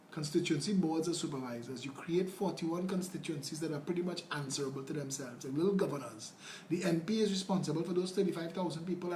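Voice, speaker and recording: A man's voice: on the high side, darkish tone. A man with a Trinidadian accent, a political candidate talking earnestly on a casual livestream and answering viewer comments. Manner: earnest, rambling, conversational. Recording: roomy with faint noise.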